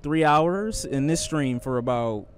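A man streaming a climbing game live, talking to himself under his breath and then yelling when he nearly falls. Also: on the high side, lively intonation, measured pace, a little hiss or hum. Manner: anxious, swings from muttering to shouting. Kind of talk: live gameplay commentary.

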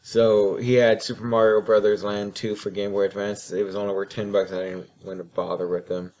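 A man with a lowish voice talks through a shopping trip on a casual podcast. He keeps it laid-back and matter-of-fact. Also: little pitch movement, brisk, darkish tone. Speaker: podcast co-host. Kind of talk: casual chat.

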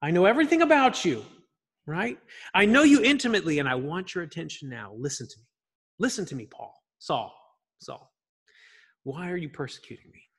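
A man's voice: on the high side, big pitch swings, fairly quick, a bit bright, slightly rough, exaggerated voice. A man voicing a divine male voice from heaven, calling out with urgent, insistent repetition.

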